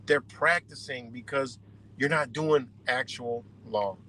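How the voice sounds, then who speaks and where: A man's voice: mid-range voice, slow, pushed and bright, slight background noise, rough recording. A man hosting a live stream, ranting bluntly and exasperatedly with heavy swearing. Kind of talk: profane ranting commentary.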